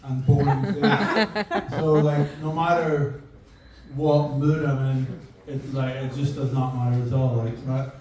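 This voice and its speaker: A young Irish man with an accent that drifts toward American, doing a rambling, self-deprecating stand-up set in a flat voice. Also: medium pitch, a little slow. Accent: mixed Irish and American. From Ireland. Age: young adult. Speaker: stand-up comedian. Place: comedy venue. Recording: echoey room, mic from a distance, audience. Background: audience laughter.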